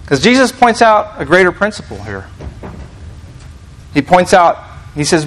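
A man's voice: high voice, big pitch swings, unhurried, pauses often, a bit bright, slight background noise, poor audio. A man preaching a casual teaching sermon, reading scripture aloud and explaining it in a conversational, restarting manner.

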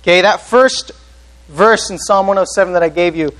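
A man's voice: high-pitched, moderate pace, fairly bright tone, rough recording. A man preaching a sermon as pastor, earnest, often putting questions to the congregation.

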